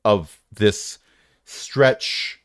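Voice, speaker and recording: A man's voice: on the low side, extremely slow, smooth, no room sound, studio quality. A man narrating a tabletop game as game master, with playful, rambling descriptions and asides.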